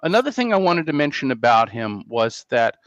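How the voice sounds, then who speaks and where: A man's voice: medium pitch, very animated, fairly quick, a bit bright, no echo. Hesitant man hosting a podcast. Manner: hesitant, many restarts and fillers. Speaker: podcast host. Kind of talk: casual conversation. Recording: dry, muffled mic sound.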